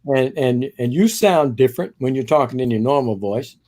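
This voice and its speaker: A man's voice: medium pitch, expressive, normal speed, darkish tone. A man with a Cajun-tinged East Texas accent, chatting easily on a live stream and laughing often. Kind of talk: casual chat. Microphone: new microphone.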